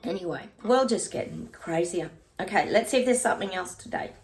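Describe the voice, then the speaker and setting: A woman's voice: fairly low pitch, animated, a little fast. A middle-aged woman, a psychic, chatting casually and at rambling length with her viewers. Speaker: psychic reader. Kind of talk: casual livestream chat with tarot readings.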